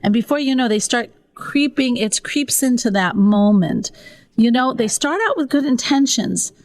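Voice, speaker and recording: Woman podcast host, casual chat, fairly high voice, chatty, quick to laugh. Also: lively intonation. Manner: chatty, laughs often, addresses listeners.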